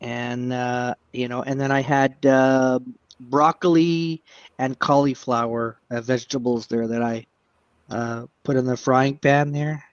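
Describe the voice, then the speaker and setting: A man's voice: mid-range voice, fairly even intonation, measured pace, smooth, dry recording. Rambling man on dull lo-fi stream audio. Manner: rambling, hesitant, lots of uh and like. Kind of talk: casual livestream chat.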